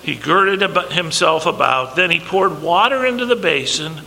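Male preacher, high, very bright and forceful, emphatic delivery, reverberant hall. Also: expressive, moderate pace, creaky. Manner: emphatic, acts out quoted dialogue. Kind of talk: sermon. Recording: long reverb, faint background noise.

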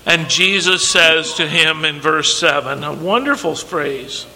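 With long reverb and faint background noise in the recording, a man delivers a forceful sermon, emphatically performing quoted scripture lines as dialogue. His voice is a little high, gravelly and bright, unhurried yet with few pauses.

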